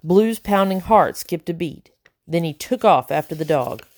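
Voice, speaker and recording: A woman narrating a children's novel aloud, lively and voicing the characters. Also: lowish voice, measured pace, no room sound. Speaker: audiobook narrator. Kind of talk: scripted narration.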